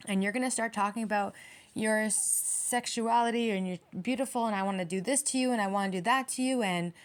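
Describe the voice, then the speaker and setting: A woman giving a casual tarot reading, talking bluntly with lots of swearing and emphatic rhetorical questions. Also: fairly high pitch. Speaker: tarot reader.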